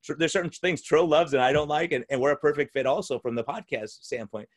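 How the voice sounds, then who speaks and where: A man's voice: a little high, fast. A male physician and podcast host in casual conversation at home, enthusiastic and rambling, often restarting his sentences. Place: room at home.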